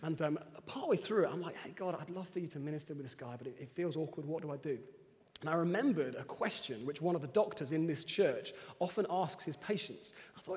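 A man preaches in a chatty, animated storytelling way, and his voice sits a little high. His sermon rings out with long reverb in a church hall. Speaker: pastor. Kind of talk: sermon with personal stories.

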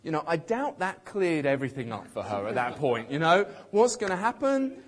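A man preaching a sermon in a conversational, emphatic way, with a slightly husky voice, acting out quotes with light humour. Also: mid-range voice, sing-song, a little fast.

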